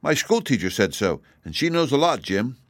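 A man's voice: mid-range voice, very animated, normal speed, dry recording, pitched above the performer's own voice. An eager young girl asks question after question in a raised, earnest voice, recorded close and dry like a storybook reading, as a man puts her on. She sounds keen and a little anxious. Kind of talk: audiobook reading.

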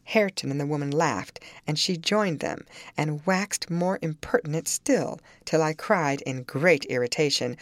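A woman narrating a classic novel in an expressive storytelling manner. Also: deep voice, normal speed, hardly any pauses, no room sound. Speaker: audiobook narrator.

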